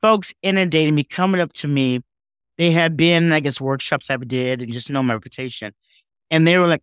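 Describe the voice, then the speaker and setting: Podcast guest, male, slightly higher register, emotional storyteller, close dry mic. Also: normal speed, clean tone, no room sound. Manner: heartfelt, animated, says "man" and "okay?" often.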